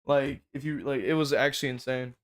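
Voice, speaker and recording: A man's voice: mid-range voice, fairly even intonation, brisk, slight background noise. A young man streaming a game in casual, slangy chat, swearing a lot and laughing often. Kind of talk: casual live-stream commentary. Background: loud game music.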